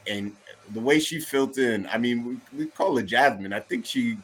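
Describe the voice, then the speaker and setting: A man's voice: medium pitch, normal speed, fairly bright tone, a little hiss or hum. A man co-hosting a podcast in casual chat, laid-back and joking, often repeating his phrases. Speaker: podcast co-host.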